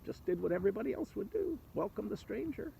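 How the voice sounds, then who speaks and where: A man's voice: high voice, very animated, quick pace, gravelly, mellow, breathy edge, voice pushed up, full character voice. A man voicing a hearty, tough farmer. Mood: welcoming. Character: hospitable, tough young farmer husband.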